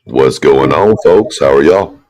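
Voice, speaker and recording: Loud joking southern guy, real deep voice, folksy chat on a stream. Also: animated, measured pace. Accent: Southern American. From American South. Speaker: guest on a livestream.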